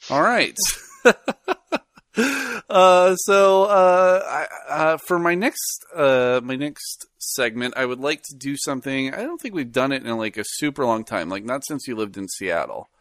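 A man hosts a casual podcast, rambling and laughing as he goes. His voice swings widely in pitch. The sound is dry and close. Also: moderate pace, few pauses, no echo. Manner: laughs often, animated and rambling. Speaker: podcast co-host. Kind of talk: casual chat.

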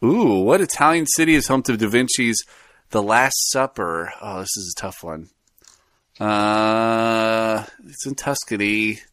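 A man co-hosting a podcast in casual chat, animated and rambling, often laughing. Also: lowish voice, measured pace, no echo, clean studio sound. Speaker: podcast co-host.

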